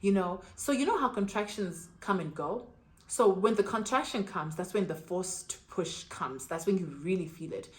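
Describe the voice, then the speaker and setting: A young woman vlogger telling a personal story in a lively, dramatic way with casual slang. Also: medium pitch, normal speed. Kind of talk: storytime vlog.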